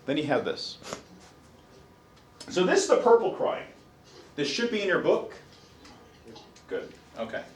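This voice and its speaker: In an echoey classroom, a high-pitched man lectures college psychology students at a measured pace, pausing often. A lively storyteller, he acts out his own reactions and asks the class questions. He is far from the mic, with slight background noise.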